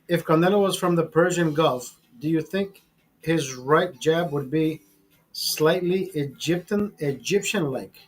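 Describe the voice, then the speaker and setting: Husky tipsy man ranting crudely. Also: a little high, a little slow, rough recording. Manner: crude, boastful, swearing constantly. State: tipsy from drinking. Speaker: livestream host. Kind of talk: casual profane rant.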